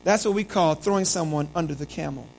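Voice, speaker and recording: A preacher giving a sermon told in first person as a biblical prophet, with dramatic storytelling that swings from loud emphasis to hushed, low delivery. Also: quick pace, vocal fry, a little hiss or hum, poor audio.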